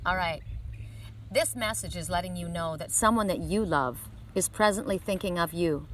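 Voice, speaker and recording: Gentle woman reading cards outdoors. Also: fairly low pitch, normal speed, slight background noise. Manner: gentle, chatty, drifting off into asides. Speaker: oracle card reader. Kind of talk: outdoor card reading vlog. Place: outdoors by a lake. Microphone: phone camera.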